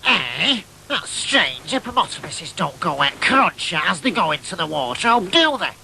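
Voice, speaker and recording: A man playing an excitable boyish oddball, telling a comic tall tale in a nasal, chatty way. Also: high voice, moderate pace, vocal fry, a little hiss or hum, exaggerated voice, low-quality recording. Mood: excited. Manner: nasal, chatty, keeps asking "right?". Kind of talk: comic monologue storytelling.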